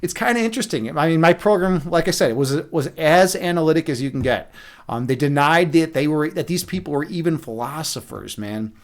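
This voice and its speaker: Middle-aged male streamer, slightly raised pitch; loose, profane, meandering chat. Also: animated, brisk. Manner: chatty, rambling, with many restarts and fillers. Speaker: livestream host. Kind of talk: rambling casual livestream chat.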